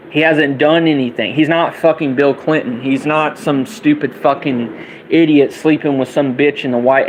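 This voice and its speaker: Over poor audio with a little hiss or hum, a young man with a mid-range voice rants angrily in a political vlog. He's heated and profane, repeating himself as he goes.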